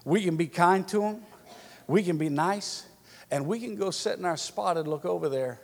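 A male pastor preaching in church, folksy and fond of repeating himself, building into fervent calls to his congregation. His voice sits fairly high. A long reverb rings around him. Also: moderate pace, darkish tone. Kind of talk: sermon.

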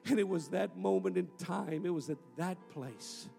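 A man pastor preaching a sermon to his congregation in a church, his delivery swelling loud and falling to near whispers. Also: high-pitched, normal speed, vocal fry, soft background music. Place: church sanctuary. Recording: roomy hall with long reverb.

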